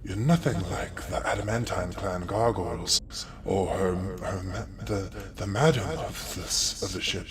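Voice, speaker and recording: Guy putting on a deepish slow ooze creature, chatty and curious, crowd murmur in the back. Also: steady tone. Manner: slow, eager, telepathic storyteller voice. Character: huge talkative male ooze with humanoid face.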